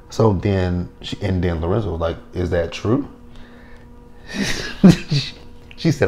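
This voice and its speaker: Male reviewer with a low voice; lively, foul-mouthed casual recap. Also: slow pace, pauses often. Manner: animated, profane, acts out the scenes with quotes. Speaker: TV episode reviewer.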